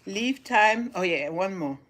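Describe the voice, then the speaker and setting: Her medium-pitched voice is expressive, slightly slow, and a bit bright as this woman in her forties hosts a casual home live stream. Laughing often, she reads aloud and chats with upbeat, motivational energy.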